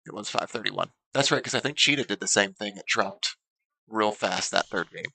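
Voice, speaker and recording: A man's voice: lowish voice, moderate pace, gravelly, sharp tone, low-quality recording. A man commentating a bowling tournament livestream, explaining standings and scores steadily, with frequent ums. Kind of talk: play-by-play sports commentary.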